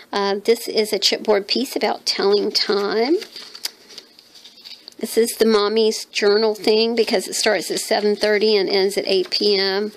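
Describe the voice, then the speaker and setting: A woman's voice: medium pitch, gravelly, poor audio. A woman in her fifties from North Carolina with a Southern accent, chatting and rambling as she shows off a handmade art journal, thinking aloud with lots of fillers. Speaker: mixed media artist showing her handmade journal. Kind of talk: casual show-and-tell chat.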